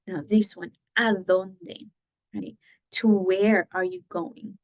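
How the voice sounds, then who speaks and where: A woman's voice: medium pitch, unhurried, dry recording. A woman teaching a Spanish lesson, explaining in English and Spanish and often checking in with "right?". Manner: frequent fillers and restarts. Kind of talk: recorded lesson.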